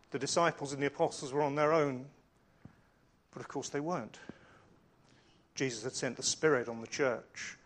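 Preacher: middle-aged man, a touch high-pitched, earnest storytelling sermon. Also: fairly bright tone. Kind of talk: sermon with slides.

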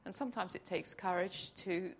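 A woman's voice: on the low side, moderate pace, a little hiss or hum. A woman giving an earnest, conversational sermon in church. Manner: earnest, conversational, tearful at the close. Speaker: church speaker.

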